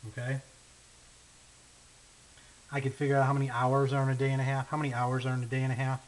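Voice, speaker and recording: A man teaching a math lesson, walking through word problems step by step, often checking in with "okay?" and slowing down on the key numbers. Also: mid-range voice, completely flat delivery, low-quality recording. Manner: patient, checks in with frequent "okay?" and "right?"; thinks aloud while writing, slows down on key numbers. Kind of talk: recorded lesson walkthrough. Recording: faint hiss.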